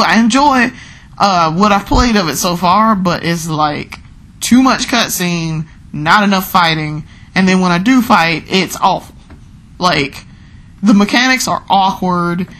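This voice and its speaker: A woman talking casually and frankly, chatty and quick to laugh as she gives her take as a podcast host. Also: mid-range voice, fairly bright tone, rough recording. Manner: chatty, frank, often laughing, repeats herself. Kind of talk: casual spoken game commentary.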